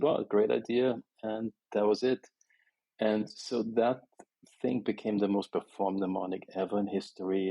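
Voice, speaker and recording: A man's voice: on the low side, gravelly, mellow, husky, no room sound, muffled recording. A middle-aged man with an Austrian German accent, telling stories as a composer guest in an interview, with many restarts and fillers. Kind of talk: conversational interview.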